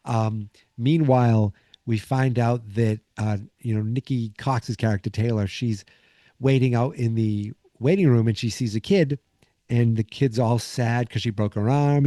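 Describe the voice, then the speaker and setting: Man recapping a sitcom, mellow and dry. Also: medium pitch, normal speed, no room sound. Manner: rambling, acts out quotes from the episode. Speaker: podcast host. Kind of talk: casual episode recap.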